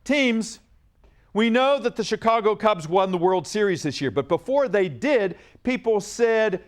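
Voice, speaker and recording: High-voiced upbeat man hosting a quiz. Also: animated, unhurried. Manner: upbeat, coaxing and encouraging students. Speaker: quiz show host. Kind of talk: school quiz show hosting.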